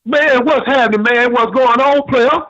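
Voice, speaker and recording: A man's voice: extremely high pitch, normal speed, fairly bright tone. Male caller, folksy storyteller, repeats himself, muffled phone audio. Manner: folksy, repetitive, tells long funny anecdotes. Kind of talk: rambling call-in storytelling.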